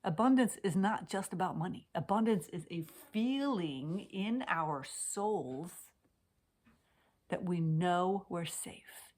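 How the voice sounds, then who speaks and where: A woman with a lowish, animated voice speaks slowly as a Swedish death cleaning coach, talking straight to camera through a computer webcam. Her heartfelt, intimate talk about decluttering shifts between near-whispers and emphatic declarations.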